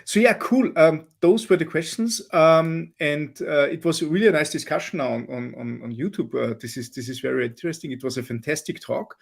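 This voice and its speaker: A hoarse man hosting an online developer meetup, his voice gravelly with fry. He talks in a chatty, halting way, full of ums and restarts, heard over a video call. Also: a little high. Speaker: meetup host moderating Q&A.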